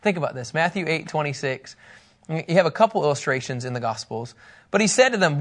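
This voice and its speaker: A man teaching a sermon, emphatic and animated, often acting out the lines he quotes. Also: a little high, quick pace. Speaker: pastor.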